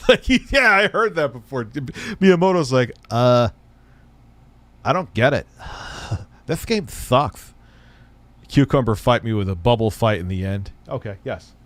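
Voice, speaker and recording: A man's voice: medium pitch, no room sound. Crude, rambling male streamer. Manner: crude, profane, rambling jokes. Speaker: streamer host. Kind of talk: casual livestream reaction chat.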